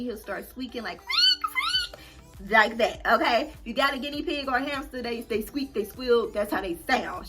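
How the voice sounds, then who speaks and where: A young adult woman vlogger telling a story to her viewers in a casual, animated and dramatic way. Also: a little high, vocal fry.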